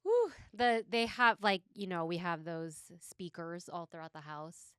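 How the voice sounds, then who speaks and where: Supportive lady podcast host, bright clear voice, dry close mic. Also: lowish voice, no room sound. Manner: supportive listener, quick agreeing backchannels. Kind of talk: casual chat.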